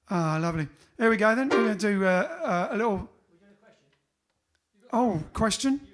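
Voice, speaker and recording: A man hosting his band's livestream, chatting playfully between songs and dropping into mock French. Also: high-pitched. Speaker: bandleader and singer hosting a livestream. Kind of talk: casual chat between songs.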